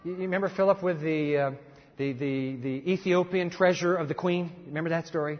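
A man's voice: on the high side, a little fast. A middle-aged male preacher giving an emphatic, conversational sermon, often restarting phrases as he presses his point. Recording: dull sound with long reverb of a hall.

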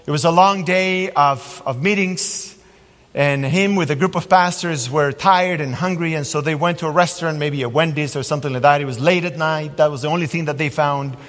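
A man preaching a sermon as a pastor, telling stories in an animated way. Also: fairly high pitch, a little fast. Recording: long hall reverb.

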